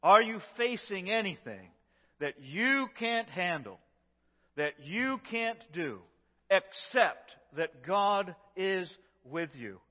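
A pastor with a high voice preaches slowly, leaning hard on some words and dropping to near hushes on others. He sounds like he is in a church hall, with a long reverb tail. The recording is dull and lo-fi. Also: sing-song. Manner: emphatic preaching with swings between loud and hushed. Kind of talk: sermon. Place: church sanctuary.

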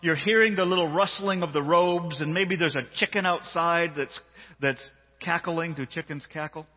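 A man preaching a sermon, acting out a Bible story with a playful, animated manner on a handheld mic in a church hall. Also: on the high side, moderate pace, breathy edge. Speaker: pastor. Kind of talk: sermon with dramatized reading. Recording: dull sound, long hall reverb.

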